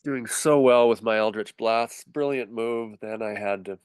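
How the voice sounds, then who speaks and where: A man playing in a tabletop game, hesitant when asking and quick to joke. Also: medium pitch, clean tone, no room sound. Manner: hesitant, joking. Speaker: player. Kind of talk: casual chat.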